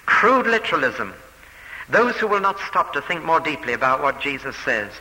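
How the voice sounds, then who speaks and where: A man preaches an expository sermon with emphatic repetition, his tone strikingly bright. His voice rings out in a large reverberant hall, with a faint hiss underneath. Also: medium pitch.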